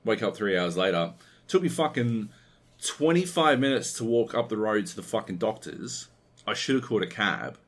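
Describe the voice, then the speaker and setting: A man's voice: fairly low pitch, expressive, moderate pace. A man hosting a podcast, telling a long, profane, rambling anecdote in casual chat. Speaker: podcast host.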